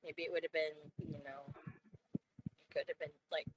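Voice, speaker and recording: A woman co-hosting a wrestling podcast, talking casually in an animated, profane rant. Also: low-pitched, moderate pace, slight background noise, low-quality recording. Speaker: podcast co-host. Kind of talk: casual chat.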